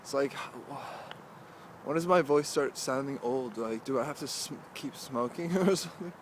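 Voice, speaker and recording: A young man talking casually to the camera as he walks outdoors through a cemetery, rambling and halting, with many "like"s and restarts. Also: medium pitch, slight background noise. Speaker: vlogger. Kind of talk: casual walking vlog monologue.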